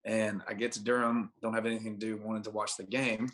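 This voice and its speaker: Fast-talking young man telling a story. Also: lowish voice, level tone, a bit bright. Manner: rambling, filler-heavy anecdote with acted-out dialogue. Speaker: podcast guest, baseball pitcher. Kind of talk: casual storytelling.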